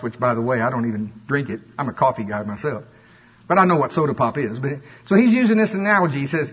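Husky-voiced folksy preacher. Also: male voice, a little high, fast talker. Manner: folksy, animated storytelling with voiced asides. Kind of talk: conversational sermon. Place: church. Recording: dull lo-fi church recording.

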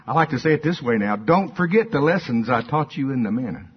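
An older pastor with a drawl preaches in a husky, slightly breathy voice. He talks to the congregation in a folksy, conversational way and hammers his points home through repetition. The recording sounds dull and lo-fi. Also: on the high side, big pitch swings, fairly quick, few pauses. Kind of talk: sermon. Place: church.

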